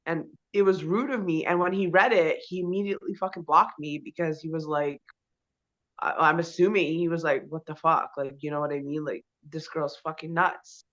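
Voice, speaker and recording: A woman's voice: low-pitched, moderate pace. A woman speaking as an interview guest in a rambling, loose way, full of fillers and casual swearing. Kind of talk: casual conversation. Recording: dull lo-fi audio.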